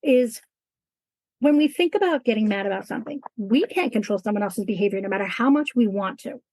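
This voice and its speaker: A woman's voice: mid-range voice, expressive, brisk, darkish tone, no echo. A woman teacher talking as a guest in an interview, earnest and emphatic. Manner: earnest, emphatic, acts out classroom talk. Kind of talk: conversational interview.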